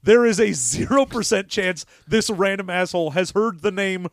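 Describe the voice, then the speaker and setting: A man's voice: high-pitched, moderate pace, no room sound, clean studio sound. A man co-hosting a podcast in casual chat, sarcastic and incredulous, swearing freely. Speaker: podcast co-host.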